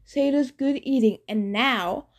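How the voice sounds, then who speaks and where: A woman's voice: sits high, measured pace. A woman voicing a boastful, brutish male cyclops in an audiobook, talking in clipped broken phrases. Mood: gloating. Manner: clipped broken speech, gloating.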